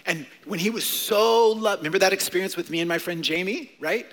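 Animated pastor in an echoey hall. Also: male voice, high-pitched, brisk, hardly any pauses. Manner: animated, conversational, frequent "right?". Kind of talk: sermon to children and adults.

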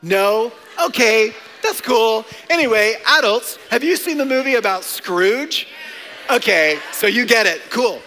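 A man preaching an animated, conversational sermon to children and adults, often checking in with "right?". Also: sits high. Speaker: pastor. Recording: echoey hall.

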